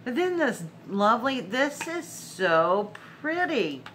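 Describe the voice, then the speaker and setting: Bright-voiced woman gushing over crafts. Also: on the high side, big pitch swings, slow pace, a little hiss or hum. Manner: effusive, gushing, laughs often. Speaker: crafting channel host. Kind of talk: casual unboxing vlog.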